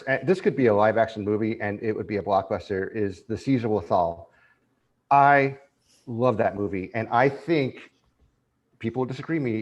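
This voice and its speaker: A man as a podcast guest in casual chat, speaking with excited, emotional enthusiasm. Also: medium pitch, lo-fi sound. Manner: emotional, excited fan, animated retelling.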